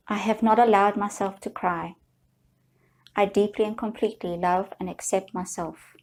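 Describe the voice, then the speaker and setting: Woman with a bit of fry in her voice, talking you thru tapping, slow and soothing. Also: medium pitch, a little mellow. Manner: slow, soothing, repeats affirmations. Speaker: EFT tapping guide. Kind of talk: guided tapping session.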